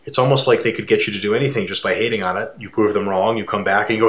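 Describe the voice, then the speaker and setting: A man co-hosting a casual fitness talk, speaking emphatically and building his voice up high when he makes a point. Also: very fast, few pauses. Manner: animated, emphatic, swings to rising pitch when making a point. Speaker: fitness coach and co-host. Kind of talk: casual conversation. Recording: roomy echo.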